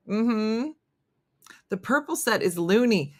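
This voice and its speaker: A woman comedian hosts a live morning show as a casual live-stream chat, talking self-deprecatingly and reading viewer comments as she goes. Her voice is on the low side and sharp, with lively intonation and a slightly slow pace.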